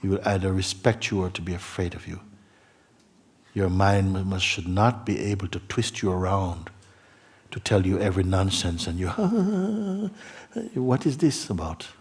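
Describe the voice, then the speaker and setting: A man with a low, slightly husky voice gives a spiritual talk to a listener. He is earnest and emphatic, drifting into soft murmurs and then rising, animated and laughing, to press his point. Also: moderate pace. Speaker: spiritual teacher. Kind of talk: satsang talk to a seeker. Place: meeting hall.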